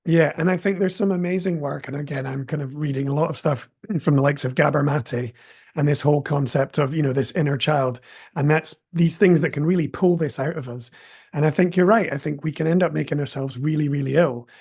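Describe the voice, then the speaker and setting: A man's voice: fairly high pitch, steady tone, brisk, a little mellow, husky. A man speaking as a podcast guest, earnest and reflective, offering encouragement. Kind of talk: conversational interview.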